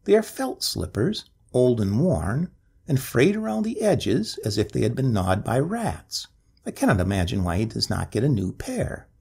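A man's voice: medium pitch, wildly swooping pitch, moderate pace, gravelly, darkish tone, breathy edge. A man reading a ghost story aloud as scripted narration, with a dramatic, swooping delivery.

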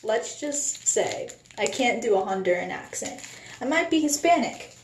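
A woman's voice: on the high side, animated, moderate pace. A young woman in her late teens chatting casually in a home vlog, giggling often, swearing freely and joking at her own expense. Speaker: vlogger. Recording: echoey room with faint background noise.

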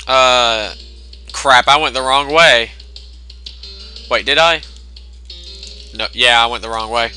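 Bright, slow-talking man in game commentary. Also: medium pitch. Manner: jokey, profane, reads the game text aloud in mock voices. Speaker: gameplay commentator. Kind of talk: let's play commentary. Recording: game music behind.

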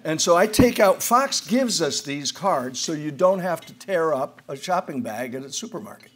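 A husky, fairly high-pitched man's voice, expressive and at a normal speed, belongs to an American in his sixties or older. Speaking at a roundtable in front of an event-hall audience, he tells comic stories at his own expense with dry wit, often backing up to restart a sentence.

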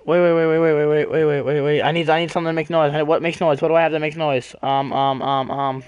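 A man's voice: fairly high pitch, little pitch movement, fast, highs cut off, a little hiss or hum. A man chatting casually while playing a game, rambling and restless. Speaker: co-player. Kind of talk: casual gaming chat.

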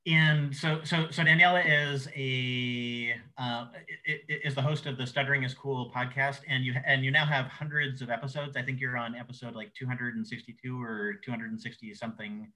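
Stuttering man with a bright voice. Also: medium pitch, steady tone, normal speed, few pauses, poor audio. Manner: stuttering, many repeated words and fillers. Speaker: interview host. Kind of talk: casual interview chat.

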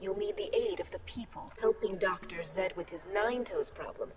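An actress playing a calm, mysterious female guide in a video game, speaking in a low-key, guiding manner. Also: moderate pace, lightly acted.

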